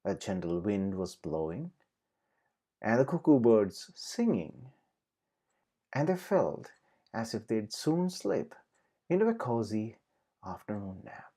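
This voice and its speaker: A woman narrating a children's storybook with very expressive, swooping intonation. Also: extremely low pitch, slow, pauses often, slightly rough.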